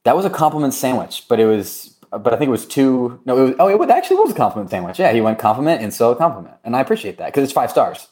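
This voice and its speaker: A man hosting a laid-back podcast in a mid-range voice, joking between promos and shout-outs. His talk is loose and playful, and he keeps the segment moving with teasing asides to his co-host. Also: mid-range voice, big pitch swings, fast talker, few pauses. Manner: jokey, runs through promos and shout-outs. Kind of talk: casual podcast chat. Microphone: remote recording.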